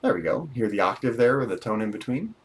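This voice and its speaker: A very animated instructor with a mid-range voice rattles quickly through a programming book on a live stream. Passages are read aloud, then numbers dictated as he types, with dry asides as he thinks. Background noise and typing are present.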